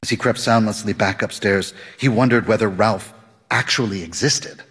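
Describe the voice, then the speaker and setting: A man narrating a novel as an audiobook in an expressive reading voice. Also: fairly low pitch, moderate pace, slightly rough, big-room sound.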